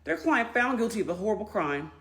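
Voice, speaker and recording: A woman's voice: medium pitch, sing-song, quick pace, fairly bright tone. A woman defense attorney telling a candid story in a blunt, profane, emphatic way.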